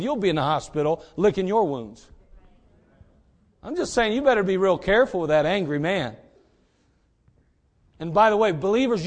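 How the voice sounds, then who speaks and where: A man preaching a sermon in a folksy, direct way, swinging between loud emphasis and quiet asides. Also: high voice.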